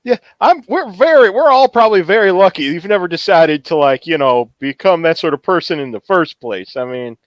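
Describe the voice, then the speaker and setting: A man's voice: sits high, animated, a little fast, few pauses, no room sound, dull audio. Joking man in a tabletop game. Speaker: player. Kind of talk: casual chat.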